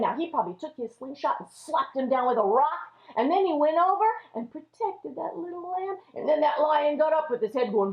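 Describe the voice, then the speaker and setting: Animated woman Sunday school teacher. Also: high voice, normal speed, hardly any pauses. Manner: animated, addresses children as friends. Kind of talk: storytelling children's lesson. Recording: echoey room, dull lo-fi audio.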